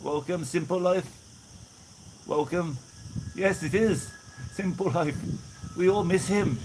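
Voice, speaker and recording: A man's voice: high voice, slow. Man, Birmingham-area accent, easygoing stream host, outdoor noise and insects around him. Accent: mixed Birmingham English with a little Maltese influence. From England (Birmingham area). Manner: rambling, chatty, greets viewers by name. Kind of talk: casual live-stream chat reading viewer comments. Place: outdoors on a breezy day. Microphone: no clip-on mic, camera mic.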